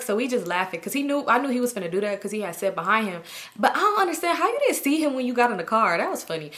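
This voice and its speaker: Fast-talking young woman telling a story. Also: fairly high pitch. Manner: animated, laughing, slangy. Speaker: vlogger. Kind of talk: casual storytime vlog.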